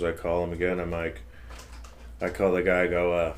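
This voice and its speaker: A very deep-voiced man tells a story loosely and profanely, drawling through it. His talk is casual podcast chat, unhurried and blunt. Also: completely flat delivery, slight background noise. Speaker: podcast co-host.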